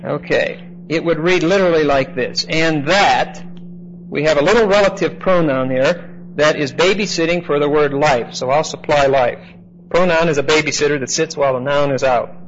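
A man's voice: a little high, normal speed. A man preaching a teaching sermon, explaining verse by verse in an emphatic, explanatory way and often checking in with "okay?". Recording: dull lo-fi recording, faint background noise.

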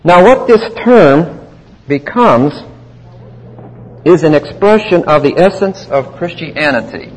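A man teaching the Bible verse by verse in a deliberate, emphatic way. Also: fairly high pitch, animated, breathy edge. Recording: long hall reverb.

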